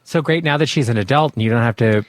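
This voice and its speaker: Brief: man co-host, mid pitch, easygoing banter, dry close studio sound. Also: quick pace, no room sound. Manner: laid-back, short agreeing replies. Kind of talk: casual chat.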